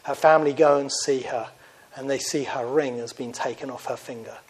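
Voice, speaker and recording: A man preaching a sermon in an earnest, conversational way, getting louder and softer for emphasis. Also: mid-range voice, steady tone, moderate pace, breathy edge, poor audio.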